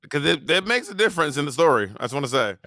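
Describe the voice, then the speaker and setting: A man co-hosts a podcast in a teasing, exacting way. His pitch jumps around a lot, and his voice is bright and sharp. The sound is dry and close. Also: big pitch swings, very fast, no room sound. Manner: teasing, precise, argues points. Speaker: podcast co-host. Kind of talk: casual chat.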